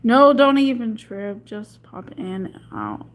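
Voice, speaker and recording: A woman's voice: a little high, takes it slowly. A woman chatting casually with viewers on a livestream, emotional and slangy, rambling with lots of restarts. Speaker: livestream host.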